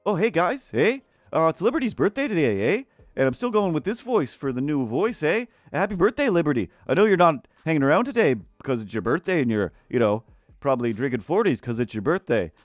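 A loud, chummy guy, as a man puts him on, pitched a little above his usual and ending his lines with "eh". His voice is lively and sits dry and close to the mic. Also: brisk, no echo. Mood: boisterous. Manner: boisterous, ends lines with "eh".

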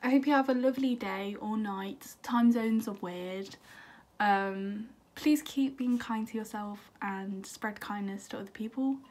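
A woman's voice: a little high, darkish tone. A young woman chatting to camera in a bubbly, self-deprecating way, answering viewer questions. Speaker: singer and YouTuber. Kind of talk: casual chat to camera.

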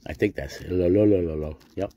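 A man's voice: low-pitched, fairly quick, mellow, slight background noise. A middle-aged American man, chatting casually and jokingly as he opens packs of cards, repeating his words. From United States. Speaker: card collecting YouTuber. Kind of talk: casual pack-opening commentary.

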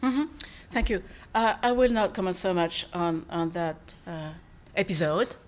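A woman with a French accent and French as her first language, a foreign minister delivering a formal speech and taking questions, measured with frequent pauses and fillers. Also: lowish voice.

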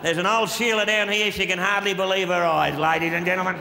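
Sir Les Patterson, a drunk, gravelly Australian diplomat. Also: male voice, sits high, steady tone, quick pace, bright, forceful tone, slight background noise, full character voice. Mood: boorish. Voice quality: gravelly, blustering and vulgar. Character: crude boozy middle-aged Australian diplomat man, boorish. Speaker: comic stage character. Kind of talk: live stand-up monologue. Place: large concert hall with audience. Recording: live hall recording with long reverb.

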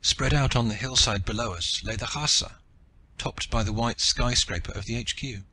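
A man reading an audiobook in the first person with a steady, dramatic delivery. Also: mid-range voice, normal speed, slight background noise. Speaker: audiobook narrator.

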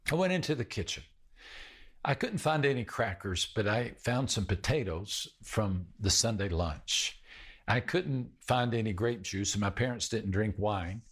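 Man preaching slow, gravelly husky voice, kinda low, lots of pauses and repeats. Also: animated. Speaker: pastor. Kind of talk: sermon.

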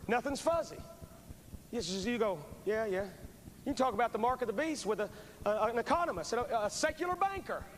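A man preaching as an evangelist at a revival service, fervent and urgent, repeating his phrases as he pleads with the crowd, on a poor VHS recording from a large church. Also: high voice. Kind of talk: revival sermon with altar call. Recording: poor VHS recording with long hall reverb and faint hiss.

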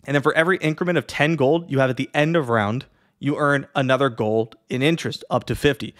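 A man casually explaining a strategy game to beginners in a chatty, lively way, with many fillers and the odd yawn. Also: medium pitch, fast talker. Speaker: streamer teaching a strategy game. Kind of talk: casual tutorial talk.

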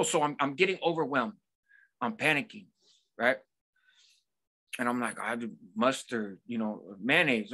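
A man's voice: on the high side, a bit bright. A man in his forties hosting a vlog, telling a personal story in a casual, conversational way with frequent asides. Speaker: vlog host.

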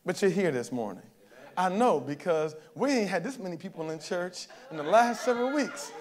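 A pastor at a church service preaches to his congregation in a relaxed, conversational style, with a crowd audible in the background. His voice is noticeably high for a man, and he often pauses to make sure the room is following him.

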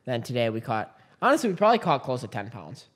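A man's voice: medium pitch, very animated, fast. A young man co-hosting a casual chat, laid-back and joking. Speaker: podcast co-host.

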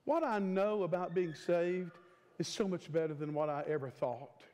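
Speaking at normal speed in a high, mellow voice, the guest preacher, a man in his fifties, gives his sermon in a church sanctuary. His delivery is emphatic and repetitive, with drawn-out words, all wrapped in long church hall reverb.

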